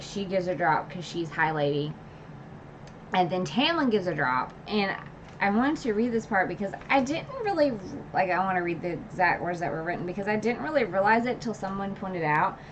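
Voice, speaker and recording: A woman's voice: fairly low pitch, a little hiss or hum. A woman streamer casually recapping a novel's final chapters in a chatty way, with constant filler words and emotional asides. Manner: retells scenes with emotional asides and laughs. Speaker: book channel streamer. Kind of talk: casual livestream book recap. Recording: dull lo-fi stream audio.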